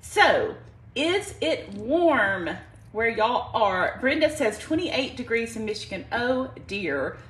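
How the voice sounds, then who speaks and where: A Southern woman from Alabama hosting a live home cooking stream in her kitchen. She chats in a folksy way, greets viewers by name and says y'all a lot. Allergies have her clearing her throat. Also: a little high, sing-song, slow pace, fairly bright tone, poor audio. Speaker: live cooking show host.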